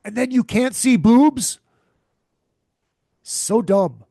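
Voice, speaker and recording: Male podcast host, profane exasperated ranter, slow drawl with a gravelly edge. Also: extremely high pitch, dark tone, no room sound, clean studio sound. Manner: profane, exasperated, repeats himself. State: tired and hungover. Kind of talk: crude comedic rant.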